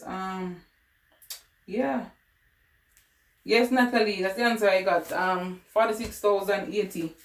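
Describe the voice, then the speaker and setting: A woman with a Caribbean English lilt walks viewers through math on a relaxed livestream. Her voice sits at an ordinary middle pitch. The sound carries a roomy echo from a room at home. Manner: chatty, talks to viewers and answers chat. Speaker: math tutor. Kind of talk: casual livestream lesson.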